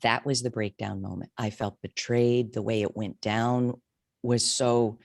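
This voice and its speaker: A woman's voice: little pitch movement, unhurried, a little mellow, no room sound, studio quality. A woman in her fifties, a career coach telling her story candidly and emotionally in an interview. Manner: candid, emotional, wide swings in pitch.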